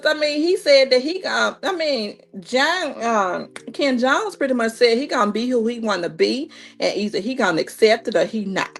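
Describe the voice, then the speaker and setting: A woman in her thirties doing a casual, animated recap of a reality show, full of slang and quoted reactions. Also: on the high side, normal speed, hardly any pauses, soft background music. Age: 30s.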